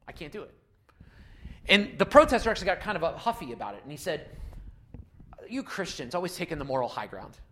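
High-voiced pastor preaching. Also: male voice, slight background noise. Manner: animated preaching with repeated emphatic refrains. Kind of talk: sermon.

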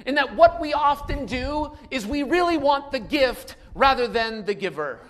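A man preaching a sermon without notes, moving between quiet asides and loud emphatic calls. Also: very high-pitched, animated, normal speed, hardly any pauses. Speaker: pastor.

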